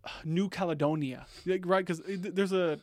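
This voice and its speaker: A man in his twenties co-hosting a casual podcast, animated and swearing, laughing and humming along as he talks. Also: high-pitched, moderate pace, no room sound. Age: 20s. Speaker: podcast co-host. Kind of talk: casual chat.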